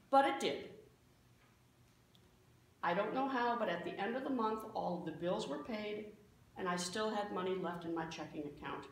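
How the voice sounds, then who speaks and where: A woman's voice: medium pitch, fairly bright tone. A woman pastor preaching a sermon as a self-mocking story, recorded in a church sanctuary. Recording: very echoey church hall, faint noise.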